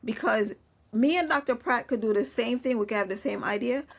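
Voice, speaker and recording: A woman's voice: fairly high pitch, brisk, gravelly. A woman hosting a podcast, talking casually with many "you know" fillers. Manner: chatty, full of "you know" fillers, laughs often. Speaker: podcast host. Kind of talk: casual conversation.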